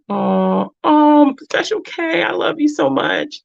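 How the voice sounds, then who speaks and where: A live-stream host in her thirties talks slowly in a high-sitting, gravelly voice with lively intonation. Warm and emotional to the point of near tears, she chats earnestly with viewers, drifting off topic and returning. The dry recording sounds dull and lo-fi.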